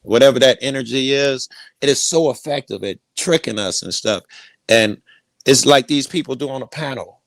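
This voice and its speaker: A man's voice: mid-range voice, moderate pace, gravelly, no echo. A middle-aged man telling a rambling personal story, profane and repeating himself. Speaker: guest storyteller.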